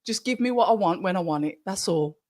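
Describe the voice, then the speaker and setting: A woman hosting a live fight watch-along stream, chatty and excitable, talking straight to her viewers. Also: medium pitch, brisk, dry recording. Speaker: livestream watch-along host.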